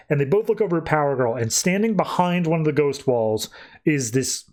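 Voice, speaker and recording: A man's voice: fairly high pitch, lively intonation, fairly quick, a little mellow. A man hosting a podcast, casually retelling a comic-book story in a chatty way full of filler words. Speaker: podcast host.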